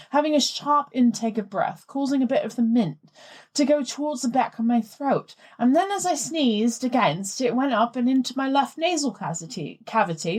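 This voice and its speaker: A woman's voice: sits high, darkish tone. A woman reading a listener's letter aloud in the voice of a posh British man, telling it in a dry, matter-of-fact way. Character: posh adult British man recounting a mishap.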